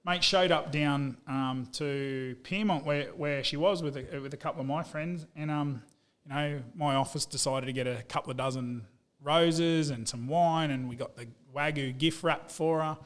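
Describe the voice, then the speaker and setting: Aussie guy on a podcast, kinda high voice, laid-back, says mate a lot. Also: fairly even intonation, moderate pace, hardly any pauses, a bit bright. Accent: Australian. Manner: laid-back and blokey, lots of "mate" and "you know". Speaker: business owner. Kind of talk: casual podcast storytelling.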